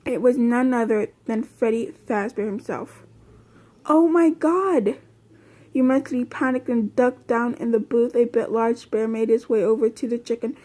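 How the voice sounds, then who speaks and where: A woman's voice: a little high, level tone, moderate pace, hardly any pauses, mellow. A woman reading a fan story aloud from a phone, in a plain, unpolished way with restarts. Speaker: reader.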